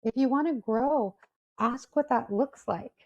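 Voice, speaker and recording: This woman's fairly high voice comes through dull audio at a slightly slow pace. She's giving a career talk on a video call, narrating a story and bringing its people to life with animated impressions.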